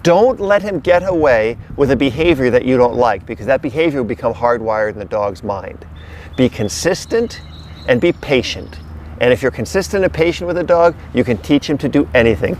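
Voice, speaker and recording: A man's voice: medium pitch, lively intonation, normal speed, a little mellow, a little hiss or hum. A middle-aged man, a dog trainer, talking casually to a camera someone else holds outdoors, with an emphatic, repetitive coaching delivery. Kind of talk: casual instructional talk to camera. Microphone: camera held by another person.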